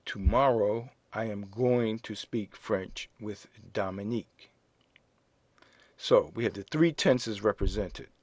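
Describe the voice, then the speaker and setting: A man teaching a French lesson in English, explaining grammar slowly and spelling out words letter by letter. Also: on the low side, a little mellow, no room sound. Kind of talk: slow classroom explanation.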